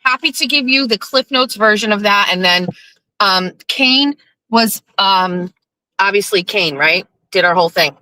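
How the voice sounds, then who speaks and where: Bright-voiced woman ranting as show host. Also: a little slow, no room sound, rough recording. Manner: profane, ranting, swings from low mutter to high indignation. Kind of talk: casual monologue on a livestream show.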